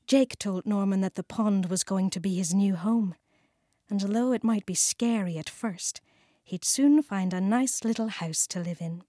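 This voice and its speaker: A British woman narrating a children's storybook, warm and clearly enunciated. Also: medium pitch, dry recording, clean studio sound. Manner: warm, slow, clearly enunciated, sing-song. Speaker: audiobook narrator.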